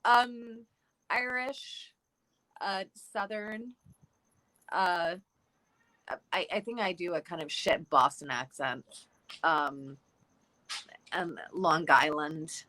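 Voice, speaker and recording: A woman chatting as a guest on a live stream. Her voice is bright and clear at a middling pitch. She talks thoughtfully, with careful wording and a self-deprecating streak. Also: takes it slowly, pauses often, rough recording. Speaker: guest, actress. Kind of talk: casual live-stream chat.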